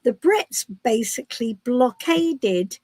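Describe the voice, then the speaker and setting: A woman's voice: a little high, lively intonation, slow pace, a little mellow, no room sound, rough recording. A woman from the UK hosting a casual live stream as a tarot reader, chatty and giggly with many restarts. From United Kingdom.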